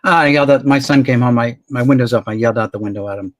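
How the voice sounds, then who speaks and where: A man's voice: medium pitch, rapid-fire, dry recording. An older retired man in a casual chat, joking and teasing the host. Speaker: guest co-host.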